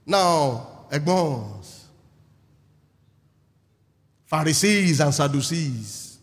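A male preacher with a high, lively voice that swings up and down as he acts out crowd scenes and questions his listeners. His voice carries a long reverb from a church hall. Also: extremely slow. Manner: animated, acts out the crowd and asks the congregation questions. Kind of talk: sermon.

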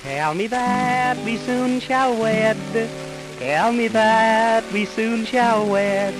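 A singer voicing a fair young maiden in a 1920s comic folk song, slowly repeating pleading sung lines. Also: mid-range voice, over loud music, rough recording. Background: band accompaniment.

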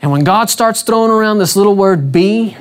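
A high-pitched man speaks briskly while preaching to a congregation at an evening church service. He keeps it conversational, asking the listeners questions repeatedly and acting out scripture quotes with shifting emphasis.

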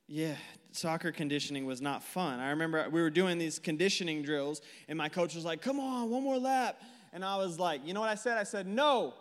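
Slightly high, fairly bright, clear, and resonant, this man's voice carries through a church hall's long reverb via a handheld or stage mic. He's a youth pastor in his twenties delivering a casual, joking sermon to a live group, peppered with fillers and questions for the crowd.

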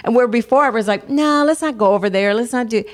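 A woman's voice: on the high side, fast talker. An older woman co-hosting a faith talk show, earnestly encouraging listeners with family stories. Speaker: co-host of a Christian talk show. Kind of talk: devotional encouragement.

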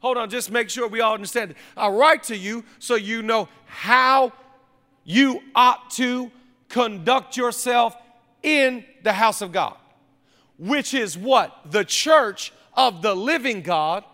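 A man's voice: very high-pitched, takes it slowly, pushed and bright. A male pastor preaching a sermon in a conversational, emphatic way, with repeated phrases, recorded in a large church auditorium. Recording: long reverb of a big hall.

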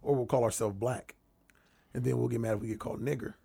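Man, gravelly, husky, earnest, casual conversation. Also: medium pitch, steady tone, fast, mellow. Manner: earnest, explaining with emphasis. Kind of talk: casual chat.

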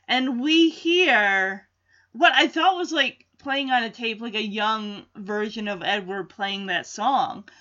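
Woman vlogger, high bright voice, unhurried chatty recap, a bit lo-fi. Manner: chatty, amused, acts out quotes. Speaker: vlogger recapping a sitcom episode. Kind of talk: casual reaction chat.

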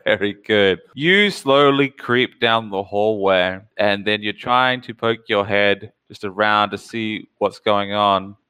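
A male game master narrating a tabletop game, piling up details as he sets each scene. His voice is bright and smooth, recorded close with a dry sound. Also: fairly low pitch, slow, few pauses, dry recording. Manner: descriptive, fond of lists of details.

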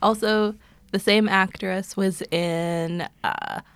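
A young woman with a slight lisp chats on a podcast, close to a dry microphone. She jokes a lot, often restarts her sentences, and keeps the talk lively. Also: mid-range voice, slow pace, vocal fry, clean tone, dry recording. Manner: animated, jokey, restarts sentences. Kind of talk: casual podcast chat.

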